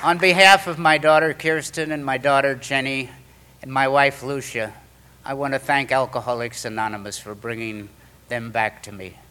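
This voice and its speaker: A man's voice: mid-range voice, normal speed, slight background noise. A middle-aged man telling a story from his recovery to a meeting, acting out the voices of the people in it. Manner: animated storyteller, acts out quoted voices.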